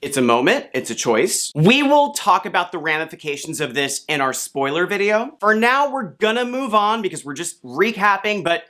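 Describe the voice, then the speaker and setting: A woman's voice: lowish voice, very animated, normal speed, hardly any pauses, fairly bright tone. Chatty woman doing a TV recap. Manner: chatty, jokey, acts out quotes. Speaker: recap host. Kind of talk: casual recap monologue. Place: home, late at night.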